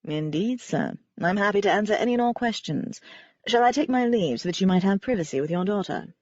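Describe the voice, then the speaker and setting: A woman's voice: medium pitch, expressive, brisk, darkish tone, no echo, lightly acted. A woman voicing a polite, upper-crust male ghost with a British accent, speaking formally and courteously. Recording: dry, slightly dull recording.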